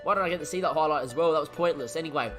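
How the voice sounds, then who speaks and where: Guy streaming a football game, bright high voice, goes from mumbling to yelling. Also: racing, faint music behind. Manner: excitable, swings from muttering to shouting. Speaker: gaming streamer. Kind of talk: live football game commentary.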